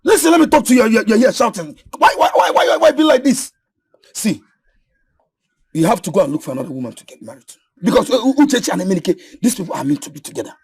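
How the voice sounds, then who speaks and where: An actor playing a touchy, hot-tempered younger brother, shouting and stammering in a Nigerian English accent. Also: male voice, high voice, sing-song, quick pace, creaky, breathy edge, no echo, studio quality, full character voice. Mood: bitter. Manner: agitated, shouting, stammering repeats. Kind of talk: Nollywood film acting.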